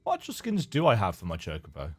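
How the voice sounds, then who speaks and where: A man's voice: low voice, wildly swooping pitch, fast, slightly rough. A man casually commenting while he plays a video game, musing aloud, humming to himself and poking fun at himself. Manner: musing, self-deprecating, hums to himself. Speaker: game streamer. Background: faint game music.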